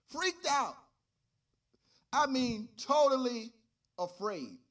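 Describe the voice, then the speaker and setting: High pitched preacher man, slow drawn out delivery, gets loud and shouty. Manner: animated, rising to shouts. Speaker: pastor. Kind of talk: sermon with storytelling.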